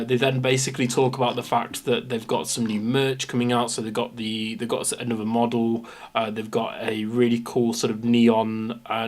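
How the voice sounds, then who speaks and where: Young man, English Midlands accent, rambling live-stream chat, self-mocking, mid pitch. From England. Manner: rambling, self-mocking, jumps between topics.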